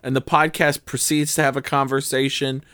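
A tired man co-hosting a comedy podcast, rambling through a story, his voice jumping up and down in pitch and loudness. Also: level tone, moderate pace, clean tone, no room sound. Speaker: podcast co-host.

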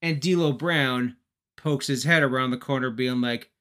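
A man's voice: mid-range voice, measured pace, a bit bright. A man from Canada giving a joking, casual wrestling recap as a podcast host. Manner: joking, chatty.

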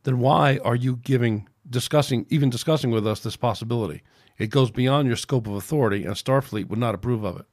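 A man's voice: mid-range voice, fairly quick, darkish tone, close to an everyday voice. A man reading a precise Vulcan officer. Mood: formal. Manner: precise and formal. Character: logical, unemotional male Vulcan science officer.

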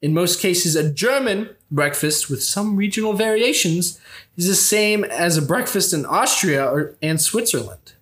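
A man's voice: high voice, lively intonation, a little slow, fairly bright tone. A young man co-hosting a casual podcast, reading an article aloud in a mock-formal tone and laughing often. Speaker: podcast co-host.

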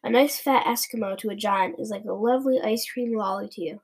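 A woman's voice: mid-range voice, a little fast, slightly rough. A woman voicing a big, kindly male giant who mangles his words, in a storybook read-aloud. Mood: earnest. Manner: mangles words, gentle and earnest.

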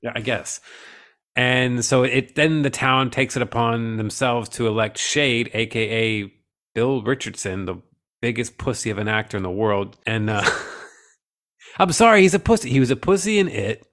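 A man's voice: mid-range voice, moderate pace, fairly bright tone. A man co-hosting a casual, profane movie-review chat, rambling and joking crudely. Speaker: podcast co-host.

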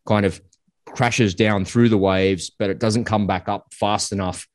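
A man's voice: fairly low pitch, steady tone, a little slow, dry recording, studio quality. An Australian man, a Navy veteran, telling a sea story in casual chat with an easygoing, vivid manner.

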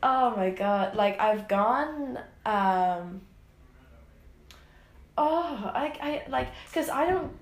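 A woman's voice: fairly high pitch, lively intonation, extremely slow, long pauses. Rambling young woman chatting. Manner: rambling, lots of fillers and exclamations. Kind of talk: casual chat. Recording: echoey room, faint noise.

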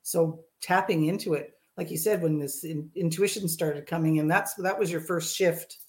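A woman's voice: sits low, steady tone, normal speed, a little mellow. A woman guest on a podcast, an intimacy coach, speaking earnestly and reflectively and sometimes quoting herself with a laugh. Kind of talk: casual interview chat.

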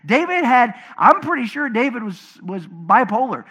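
Male pastor, high bright voice, lively sermon delivery with big swings in volume. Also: normal speed, husky. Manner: animated preaching, swinging from loud emphatic to low and quiet.

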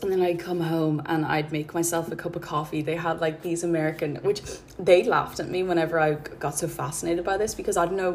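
Woman, podcast host, low voice, earnest and rambling casual monologue. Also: steady tone, fairly quick, slight background noise. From Ireland. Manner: rambling, heavy use of "like" and "um", gentle and earnest.

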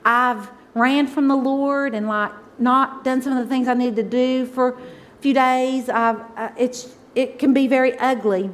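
A woman, a pastor's wife preaching a conversational, emotional sermon that swings from loud exclaims to soft asides. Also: sits high, steady tone, a little slow.

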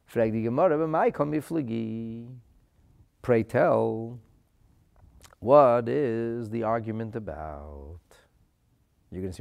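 A man teaching a Talmud lesson, asking rhetorical questions, reading Aramaic phrases and translating them, moving from quiet asides to loud emphasis. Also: medium pitch, lively intonation, slow pace, gravelly, pauses often.

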